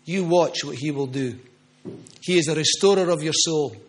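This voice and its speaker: Fervent male preacher, high voice. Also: normal speed. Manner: fervent, emphatic, repeats phrases for stress. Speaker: pastor. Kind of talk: charismatic sermon with prophetic words.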